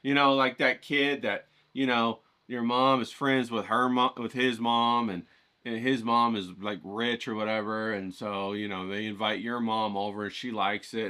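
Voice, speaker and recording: A man giving a casual, profane pep talk on his art vlog, energetic and full of "you know"s. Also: on the low side, normal speed, clear, resonant tone. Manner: energetic, swearing, pumped-up, lots of "you know". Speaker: art vlogger.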